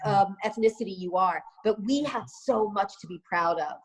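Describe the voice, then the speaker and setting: A woman's voice: medium pitch, moderate pace, poor audio. A woman in her fifties chats casually with a mid-range voice. She tells anecdotes at an easy pace and often restarts her phrases. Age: 50s. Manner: animated anecdote-telling with frequent restarts. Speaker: co-host, lawyer and columnist. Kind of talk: casual conversational storytelling.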